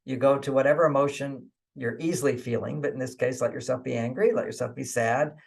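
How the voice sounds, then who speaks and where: A man's voice: mid-range voice, steady tone, quick pace, creaky. A man, a guest author on an interview show, giving relationship advice in a conversational way, chuckling often and repeating his points with "okay". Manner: acts out inner voices in quotes.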